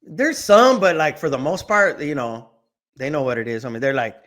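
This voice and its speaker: A man's voice: on the high side, normal speed. A man, a guest casually telling a story in a slangy, laid-back way. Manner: laid-back, slangy, animated when acting out quotes.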